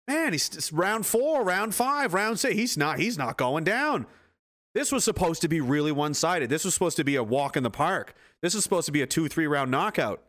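A man's voice: a little high, sing-song, a little fast, fairly bright tone. Aggressive, profane ranting man. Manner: aggressive, swearing, hammering repetition. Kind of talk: profane motivational rant.

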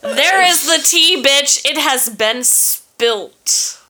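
A young woman co-hosting a podcast, telling a story in a sassy, profane, animated way. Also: high voice, drawn-out words. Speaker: podcast co-host. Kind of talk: casual storytelling chat.

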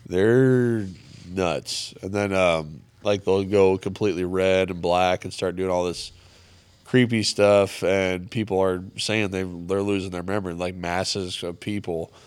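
A man's voice: deep voice, fairly even intonation, measured pace, clean tone. A man co-hosting a podcast, chatting casually and rambling with lots of filler words. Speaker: podcast co-host. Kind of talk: casual chat.

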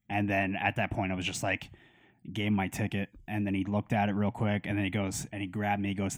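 A man's voice: on the low side, little pitch movement, quick pace, dry recording, clean studio sound. A young man telling a story in casual podcast chat, swearing freely and acting out the people he quotes.

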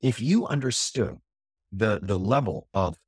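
A man hosting a podcast in a casual monologue to his camera, blunt and profane, animated and emphatic. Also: lowish voice, measured pace, slightly rough, dry recording, studio quality. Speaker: podcast host. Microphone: computer camera at a desk.

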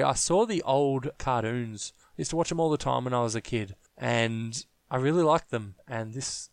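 A man in his thirties with a smooth, resonant voice, giving film opinions in a dry, wry way. He speaks at an average pitch, recorded close and dry. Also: no echo. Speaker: podcast co-host. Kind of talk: casual film review chat.

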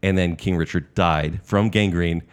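A man co-hosting a casual podcast, telling history stories in a lively, playful way. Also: deep voice, measured pace. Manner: animated storyteller who acts out historical figures. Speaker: podcast co-host. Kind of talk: casual chat, storytelling.

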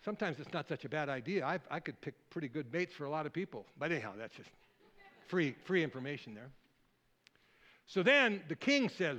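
A man preaching a sermon, rambling and lively, calling out questions to the congregation. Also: fairly high pitch, a little fast. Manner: lively, rambling, audience call-and-response. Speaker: guest preacher.

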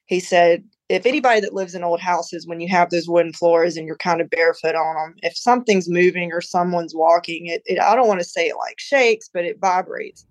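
A woman's voice: on the low side, fairly quick, hardly any pauses, no echo, poor audio. A woman on a podcast as a guest, telling a personal story in a chatty, rambling way with lots of "you know" and "like". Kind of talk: casual storytelling.

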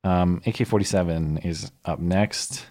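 A man's voice: low-pitched, a little slow, mellow. A man hosting a live call-in show, chatting casually and wryly with callers.

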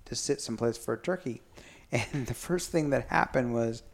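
A man's voice: medium pitch, normal speed, vocal fry. A man telling a family story in casual chat, teasing and rambling as he goes.

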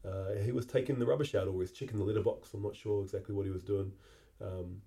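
Low-voiced kiwi guy telling his own story slowly, keeps repeating words as he remembers. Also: fairly even intonation, creaky, dark tone. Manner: halting, repeats words while recalling. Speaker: podcast host. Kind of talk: reflective personal storytelling.

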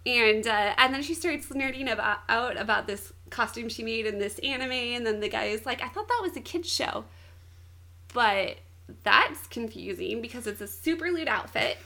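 Young woman with a high voice, chatty and giggly, recapping a story in casual talk. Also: normal speed, gravelly. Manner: animated storytelling, frequent "like", giggly. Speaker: co-host recapping an anime. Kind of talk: casual chat.

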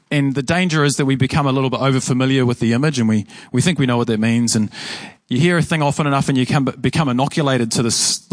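A man's voice: medium pitch, no echo. A man with a New Zealand accent preaching a sermon as pastor, earnest and emphatic, often restarting and repeating words. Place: church.

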